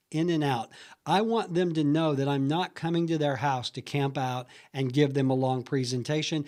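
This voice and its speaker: A man's voice: on the high side, a little mellow. A man teaching real estate agents how to cold call home sellers, in a plain, conversational way that acts out both sides of his phone calls. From Huntsville, Alabama area. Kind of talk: training talk.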